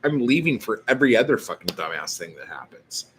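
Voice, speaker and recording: A man's voice: lowish voice, very animated, brisk, noisy background. A man vlogging casually, rambling through a story full of filler words and swearing.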